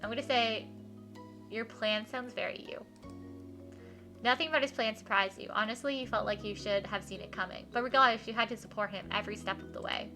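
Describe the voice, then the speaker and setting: Bubbly, bright-voiced woman streamer. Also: a little high, quick pace, hardly any pauses, faint music behind. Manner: bubbly, giggly, gushing reactions. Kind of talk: live game stream, reading and commenting.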